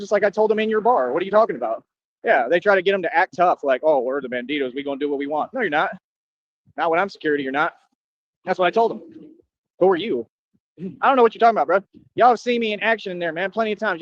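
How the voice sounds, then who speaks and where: A male streamer whose voice sits high taunts his audience in a boastful, confrontational rant. There's no room sound, though the recording is dull and lo-fi.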